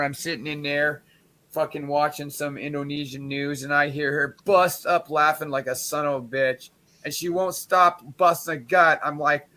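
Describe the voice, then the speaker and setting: A man streaming, telling a crude comic story in a profane, rambling way with quick asides. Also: on the high side, bright, forceful tone.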